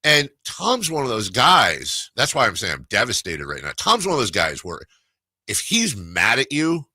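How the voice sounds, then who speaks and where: A man's voice: medium pitch, huge pitch swings, moderate pace, bright, forceful tone, no room sound. A man hosting a sports radio talk show, telling a rambling story in casual chat with many restarts. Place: radio studio.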